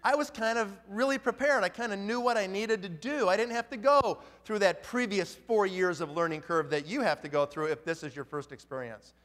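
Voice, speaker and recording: A man's voice: sits high, brisk, hardly any pauses, a bit bright, big-room sound. A man giving an emphatic motivational talk at a conference, firing off rhetorical questions. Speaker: motivational speaker.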